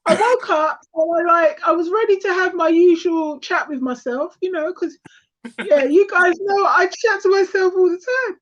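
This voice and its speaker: A woman with a hoarse, thin voice, a tarot reader hosting her channel in casual, self-mocking chat. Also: extremely high pitch, moderate pace, a bit bright, dull audio. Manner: chatty, self-mocking, laughs easily.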